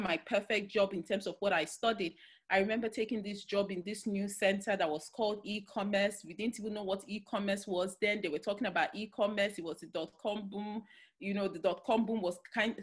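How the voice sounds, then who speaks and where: A woman with a Nigerian accent giving a motivational talk, telling stories in an animated way with many fillers and restarts. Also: medium pitch. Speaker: guest speaker.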